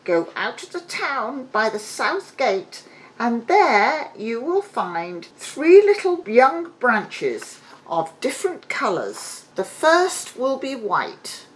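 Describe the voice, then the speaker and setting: A woman's voice: fairly high pitch, a little hiss or hum, voice pushed up, poor audio. A woman voicing a ragged, pleading old beggar woman in a fairy tale reading.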